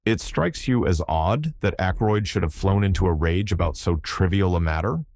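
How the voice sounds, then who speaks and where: A man's voice: low-pitched, animated, normal speed, darkish tone, dry recording, clean studio sound. A man doing Hercule Poirot, precise and fussy. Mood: probing. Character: fussy, methodical older male detective.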